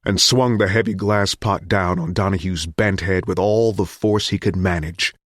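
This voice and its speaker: A man reading a thriller audiobook in a measured, grim narration. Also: deep voice, fairly even intonation, fairly bright tone, no echo, clean studio sound.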